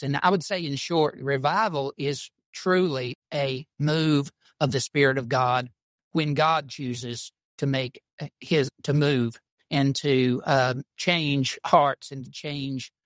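A man's voice: medium pitch, steady tone, slow pace, fairly bright tone, dry recording. A man, a pastor telling stories and chatting in a folksy, informal drawl. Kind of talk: casual podcast chat about church.

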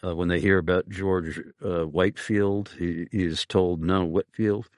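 A man's voice: deep voice, little pitch movement, normal speed, no room sound, studio quality. A man hosting a talk show, relaying a listener's question and plugging a resource. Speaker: radio show host.

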